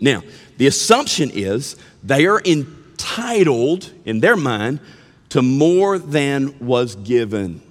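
A man preaching a sermon, his delivery unhurried and earnest as he leans into key words. His pitch rises and falls expressively, and his voice rings out with a long reverb through a church sanctuary. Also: big pitch swings. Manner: earnest, drawn-out emphatic phrasing; mimics whiny complaints playfully. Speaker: pastor. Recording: long reverb of a large hall.

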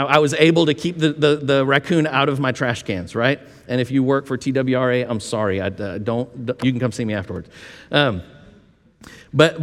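A man preaching a sermon in a conversational way, with folksy asides and frequent restarts. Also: medium pitch. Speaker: pastor. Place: church sanctuary. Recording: long reverb of a church hall.

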